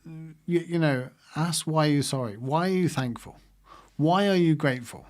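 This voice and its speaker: A man's voice: on the high side, moderate pace. A man hosting a livestream, talking casually and reflectively to his viewers and laughing often. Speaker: livestream host.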